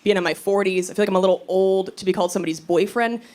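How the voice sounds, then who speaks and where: A woman's voice: medium pitch, rapid-fire, darkish tone. A woman in her thirties doing a stand-up comedy set, telling stories with punchy timing, acting out quoted lines and laughing at her own jokes. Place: comedy club stage with live audience laughing. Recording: live club recording, audible room noise.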